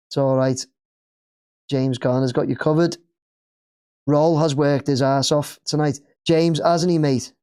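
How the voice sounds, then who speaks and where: A man's voice: on the high side, steady tone, unhurried, long pauses, darkish tone, clear, resonant tone. A man with an English accent hosting a live football watch-along, chatting casually and cheering at the play.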